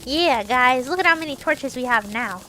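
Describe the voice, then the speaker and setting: A high, bright woman chatting her way through a game, playful and rambly, narrating each move and now and then teasing in a mock-scolding tone. Faint game music plays behind her. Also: animated, moderate pace. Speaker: gaming streamer. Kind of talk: casual gameplay commentary.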